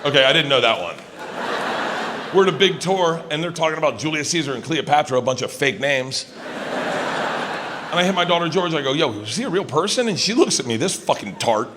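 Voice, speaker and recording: A man in his fifties telling stand-up stories on stage, loud and swinging between low asides and shouted high bursts. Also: lively intonation, a little fast, pauses often. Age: 50s. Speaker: stand-up comedian. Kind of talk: stand-up comedy storytelling. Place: large arena on stage. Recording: live show with clear crowd noise. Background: audience laughter.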